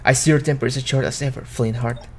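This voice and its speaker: A man's voice: mid-range voice, fairly even intonation, quick pace, natural voice. A scheming young noble mage with a cold, commanding edge, read out by a man. He gives clipped, imperious orders and never raises his voice. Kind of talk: reading game dialogue aloud.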